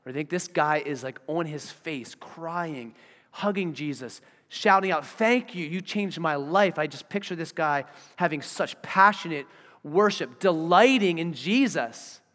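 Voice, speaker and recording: A male pastor preaching with a lively, swooping delivery in a slightly high voice. He slips into the voices of the people in his stories. His words ring out with a long tail of reverb from a church hall. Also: unhurried. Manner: animated, acts out voices of the people he describes. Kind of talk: sermon.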